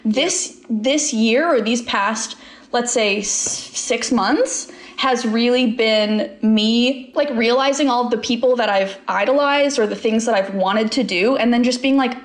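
A young woman from Canada chatting casually as a podcast guest, full of "like"s and quick to laugh. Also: fairly high pitch. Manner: laughs often, drawn-out phrasing with many "like"s. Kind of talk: casual chat.

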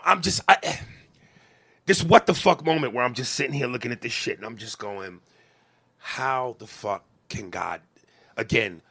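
A man in his forties co-hosts a podcast, delivering an emotional rant in a medium-pitched, gravelly voice with a sharp tone and breathy edge. He's passionate and profane, stammering through restarts as he goes.

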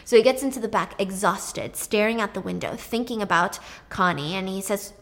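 A woman casually retelling a film plot, animated and chatty with lots of fillers. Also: mid-range voice, moderate pace, few pauses.

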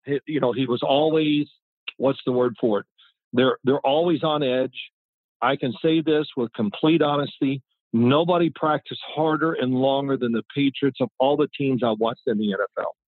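The interview guest, a former quarterback in his sixties, talks at normal speed in a mid-range voice. His stories are chatty and meandering with lots of restarts, and the audio is a dry, tinny phone-style line with no room sound.

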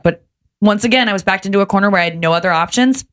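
A young adult woman telling stories in casual podcast chat, animated and swearing freely. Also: mid-range voice, rapid-fire.

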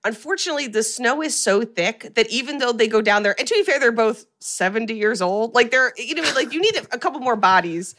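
A woman podcast host telling a story in casual chat, animated and full of filler words. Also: a little high, brisk, hardly any pauses, a little hiss or hum.

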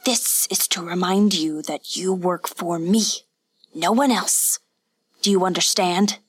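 A woman's voice: fairly low pitch, a little slow, slightly rough. Menacing samurai lord, cold whispered role-play, audiobook figure, voiced by a woman reader.

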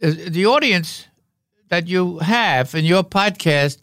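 An older man, a veteran actor and podcast guest, telling rambling, wry anecdotes with halting fillers. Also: high voice, expressive, a bit bright, dry recording, clean studio sound. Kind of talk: anecdotal interview talk.

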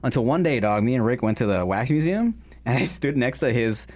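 A man chatting casually over a meal, laid-back and slangy, peppering his talk with swearing. His pitch swings a lot, rising and falling as he tells stories. He sounds relaxed and unhurried. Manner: laid-back, profane, slangy, calls people dog. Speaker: podcast co-host. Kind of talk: casual chat over food.

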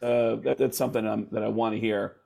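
Brief: male host, gravelly voice, loose rambling chat. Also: lowish voice, steady tone, brisk, a little mellow. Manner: rambling, laughing, many fillers. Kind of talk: casual chat.

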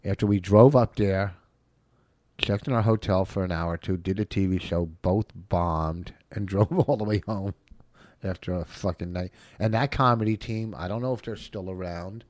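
A man's voice: low voice, normal speed, a little mellow, no echo. A man co-hosting a casual comedy podcast, telling blunt stories with plenty of swearing. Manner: swears a lot, blunt storytelling. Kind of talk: casual chat.

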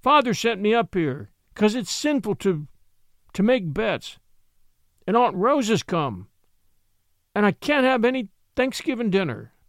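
A man's voice: high-pitched, sing-song, normal speed, fairly bright tone, no room sound, studio quality, voice pushed up. A man voicing a little girl who wails and sobs as she speaks. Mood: tearful. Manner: wailing, tearful. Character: sobbing little neighbor girl.

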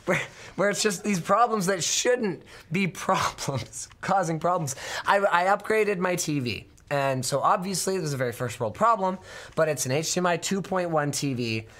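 Hoarse, sick man ranting on a podcast. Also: sits high, expressive, moderate pace, a bit bright. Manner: exasperated, ranting. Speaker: show host. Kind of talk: casual podcast chat.

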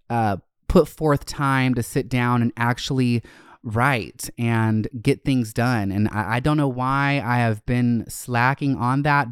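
A man hosting his own podcast in a camp, chatty solo talk, gushing about himself with sudden swoops up in pitch. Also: smooth, dry recording, clean studio sound. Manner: gushing and self-hyping. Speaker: podcast host. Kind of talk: casual solo podcast chat.

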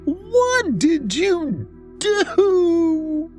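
A man's voice: very high-pitched, big pitch swings, extremely slow, darkish tone, soft background music, pitched above the performer's own voice, exaggerated voice. A man voicing a grief-stricken young mother who screams and sobs in a horror story. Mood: accusing. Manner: sobbing, screaming.

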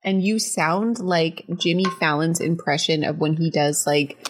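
A woman's voice: low voice, unhurried, noisy background. A woman in her thirties co-hosting a casual podcast with her husband, playful, laughing often and swearing casually. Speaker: podcast co-host. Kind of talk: casual banter with spouse.

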